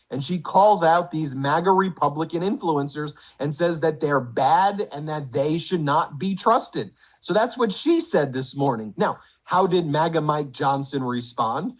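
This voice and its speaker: A man's voice: fairly high pitch, measured pace, few pauses. A man giving a political commentary monologue, reading quotes aloud in an indignant rush.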